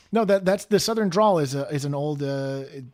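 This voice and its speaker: Male podcast co-host, slightly high voice, loose rambling delivery full of fillers. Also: darkish tone. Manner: rambling, halting with many fillers. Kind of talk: casual chat.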